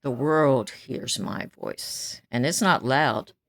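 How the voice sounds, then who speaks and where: A woman's voice: extremely low pitch, slow pace, fairly bright tone, no echo. A woman in her seventies venting in a blunt, stern, outspoken way, breaking into laughs between remarks. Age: 70s. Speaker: vlogger. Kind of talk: casual venting monologue.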